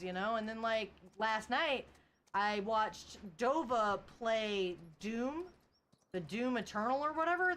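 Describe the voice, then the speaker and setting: A woman's voice: fairly high pitch, fairly bright tone, a little hiss or hum. A young woman chatting casually on a livestream, laughing often and reading chat aloud. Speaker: streamer.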